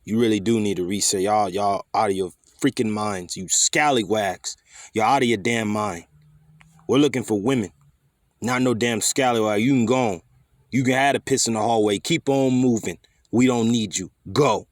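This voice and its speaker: A man's voice: fairly low pitch, normal speed, no room sound, clean studio sound. A man teaching scripture in a fiery, scolding way, swearing freely and firing rhetorical questions. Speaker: preacher.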